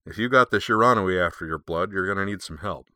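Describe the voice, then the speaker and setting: A man's voice: deep voice, fast, sharp tone, clear, resonant tone, no room sound. A man voicing a dry, wry, cigar-smoking middle-aged tough guy in an audiobook, with a laconic drawl.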